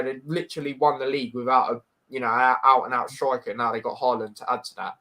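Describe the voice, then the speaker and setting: A man's voice: mid-range voice, a bit bright. A man with a Scouse accent hosting a casual football chat, frank and blunt, often restarting and calling people mate. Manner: frank, repeats himself, says mate often. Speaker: podcast host.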